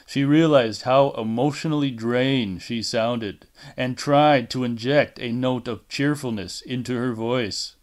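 A man reading a fan-made audiobook in a measured, deliberate way. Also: mid-range voice, fairly even intonation. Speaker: audiobook reader. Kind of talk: amateur audiobook narration.

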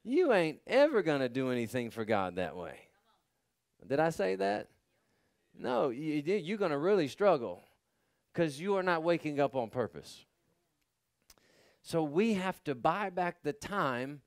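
A man's voice: on the high side, sing-song, unhurried, pauses often, no echo, studio quality. A man pastor preaching a sermon, building emphasis and calling for responses from the congregation.

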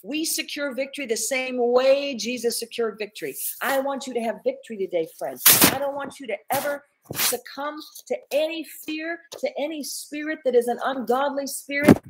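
A woman's voice: high-pitched, normal speed, slight background noise, low-quality recording. A woman pastor and evangelist leading a fervent prayer, declaring and proclaiming in repeated phrases. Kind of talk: fervent sermon prayer to viewers. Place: church online broadcast.

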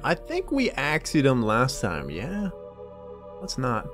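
A man's voice: mid-range voice, huge pitch swings, unhurried, music in the background. A man giving casual, joking gameplay commentary and rambling as he plays. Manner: joking, rambling, laughs often. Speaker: let's play host.

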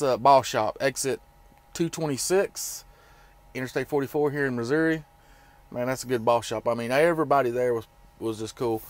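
A middle-aged man chats casually to his camera. He rambles in a folksy way and leans on fillers and repeated phrases as he tells his story. His voice sits at a middle pitch. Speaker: trucker vlogger. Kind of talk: casual vlog chat.

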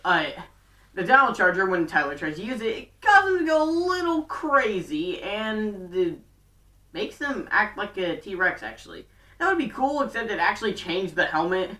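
A woman casually recapping a TV show, rambling and talking in quick bursts full of fillers. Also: medium pitch, pushed and bright. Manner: chatty and rambling, fast bursts, many fillers. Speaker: fan video recapper. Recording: roomy, distant from mic.

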